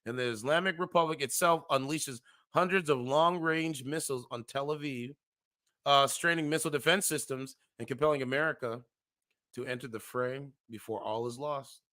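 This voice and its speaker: Reading an article aloud on his casual commentary show, a man stumbles over words, corrects himself, and breaks off into slangy asides. His mid-range voice is bright and forceful, at a moderate pace.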